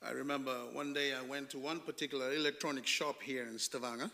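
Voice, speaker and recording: A man preaching a storytelling sermon as a pastor, emphatic, swinging from hushed to loud and asking rhetorical questions. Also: medium pitch, fairly even intonation, fast talker.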